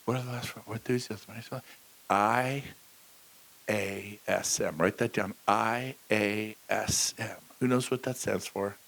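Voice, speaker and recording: Pumped-up guy speaker on a conference stage, gravelly and bright, cracking jokes at the crowd. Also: steady tone. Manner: high-energy, jokey, acts out quick impressions of people. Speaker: keynote speaker. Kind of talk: motivational conference talk. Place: large conference hall.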